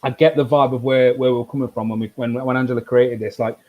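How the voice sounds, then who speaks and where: A relaxed man leads a live whisky tasting, his talk loose and rambling, full of fillers and restarts. His voice sits at an ordinary middle pitch for a man. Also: quick pace, highs cut off. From United Kingdom. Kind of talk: casual live tasting chat.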